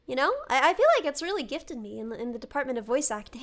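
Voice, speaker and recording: Giggly high-voiced young woman streamer. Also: expressive. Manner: giggly, chatty, dramatic pauses. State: sick. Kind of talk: casual chat and storytelling.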